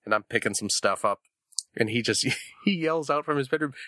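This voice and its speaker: Lively, bright-voiced man chatting. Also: medium pitch, brisk, no room sound. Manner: laughs often, animated and jokey. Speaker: podcast co-host. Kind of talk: casual chat.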